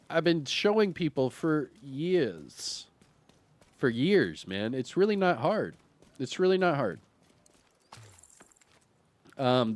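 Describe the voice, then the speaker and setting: A man in his thirties chats while he streams a game, spinning a loose, rambling story. He fills it with "like" and "you know" and breaks into laughs. His voice sits at an everyday middle pitch. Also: smooth. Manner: rambling, animated storyteller who laughs and uses many fillers.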